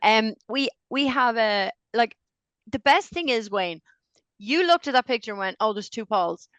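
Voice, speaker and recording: A woman's voice: a little high, normal speed, no echo, highs cut off. A middle-aged woman, a podcast co-host telling stories in casual chat, swearing freely and laughing often. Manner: profane, animated storyteller, laughs often.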